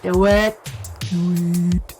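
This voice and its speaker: A woman co-hosting a movie podcast in casual chat, animated and profane, often acting out characters' lines. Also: lowish voice, takes it slowly, faint music behind. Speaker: podcast co-host.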